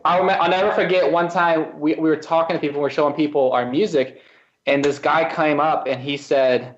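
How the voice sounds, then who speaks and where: A man from a band, a guest on a radio interview, recounting stories in a friendly, easy way. His voice sits slightly high for a man, and the sound is a little dull and muffled. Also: steady tone, fairly quick, reverberant. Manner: friendly, storytelling. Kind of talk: casual interview chat.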